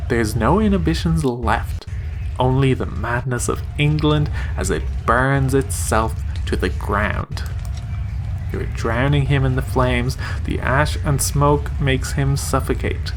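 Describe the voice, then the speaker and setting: A man reading a text game aloud in a reflective, measured voice. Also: mid-range voice. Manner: reflective, measured second-person narration. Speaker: game reader.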